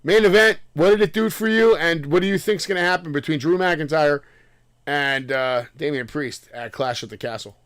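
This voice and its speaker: High-voiced man on a wrestling podcast. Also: normal speed, a bit bright, smooth, no room sound. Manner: laid-back, loose and profane, poses questions to his co-host. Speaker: podcast co-host. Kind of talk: casual wrestling podcast chat.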